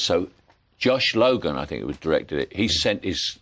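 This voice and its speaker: A man's voice: sits low, animated, moderate pace, fairly bright tone. An older man with a Cockney accent, a film actor guest telling anecdotes in an interview. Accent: London Cockney. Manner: storytelling, laughing, puts on voices in quotes.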